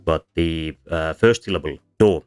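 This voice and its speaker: A man with a very low voice gives a livestreamed lecture on vowel sounds, explaining patiently and often pausing on um and uh. Now and then he sounds out vowels as examples. Soft background music plays faintly beneath his voice. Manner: explains patiently with many ums and uhs, demonstrates vowel sounds. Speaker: VTuber linguistics presenter.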